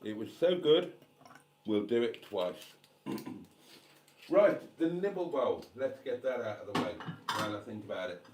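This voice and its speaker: A man's voice: lowish voice, lively intonation, a little slow, pauses often, a little mellow. A man in his fifties from England, hosting a casual evening chat with his viewers over a glass of wine, camp and theatrical with cheeky asides. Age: 50s. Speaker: channel host.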